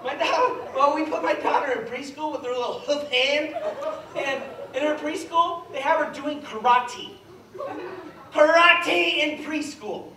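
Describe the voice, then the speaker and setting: Man, stand-up comic, high voice, slow delivery, echoey theater, distant mic. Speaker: stand-up comedian. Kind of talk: stand-up comedy set. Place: theater stage with live audience. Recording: echoey theater heard from afar, audience noise.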